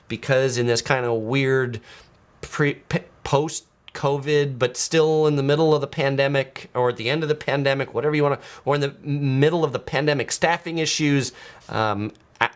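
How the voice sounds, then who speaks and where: A travel vlogger chats casually on a live stream, reading out viewer comments and filling his talk with fillers and restarts. His voice sits at medium pitch with a fairly bright tone.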